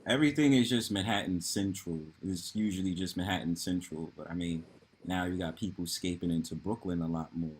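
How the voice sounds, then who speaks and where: A man with a New York accent hosting a loose, slangy online panel chat, quick to agree and laugh. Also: low-pitched, slightly rough. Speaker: host.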